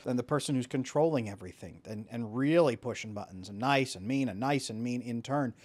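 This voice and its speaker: A man's voice: mid-range voice, quick pace, few pauses. A man coaching on relationships, talking straight to the camera and acting out the inner voices of the people he describes. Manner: animated, acts out quoted inner voices. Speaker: attachment coach. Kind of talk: direct-to-camera explainer.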